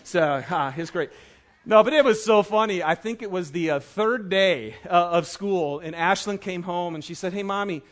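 A man's voice: sits high, moderate pace. A man in his thirties, a pastor, talking to his church in a chatty, enthusiastic way with many fillers and family stories. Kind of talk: casual sermon with family stories. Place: church auditorium.

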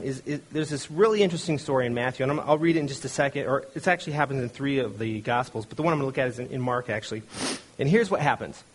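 Husky and medium-pitched, a middle-aged pastor's voice carries a chatty sermon. He retells a story with many restarts and brief impressions of the voices he quotes.

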